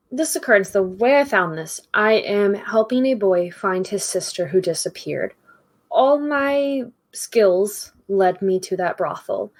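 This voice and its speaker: A woman's voice: mid-range voice, darkish tone. A woman playing a tabletop game, speaking in character in an earnest, explanatory way. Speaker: player. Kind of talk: in-character tabletop role-play.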